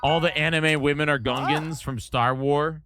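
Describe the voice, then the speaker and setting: A man's voice: a little high, steady tone, moderate pace, a bit bright, faint music behind. A man streaming live, chatting casually and rambling through his thoughts with frequent restarts. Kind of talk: casual chat.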